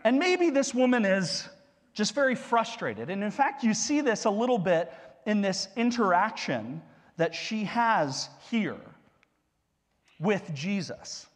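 A male pastor giving a sermon in a conversational, animated style with humorous asides. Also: sits high, slow pace, big-room sound.

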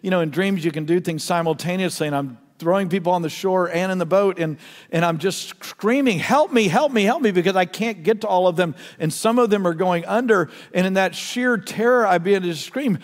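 A middle-aged man preaching a sermon as pastor, telling a story earnestly and swinging from soft asides to loud, urgent peaks. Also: high-pitched, brisk. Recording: long reverb of a large hall.

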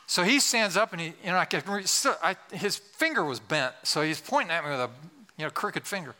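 An older man preaches a storytelling sermon, slipping in humorous, self-deprecating asides. His voice is bright and forceful, pitched a little high. A long reverb trails through the sanctuary. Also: expressive, brisk. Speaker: pastor.

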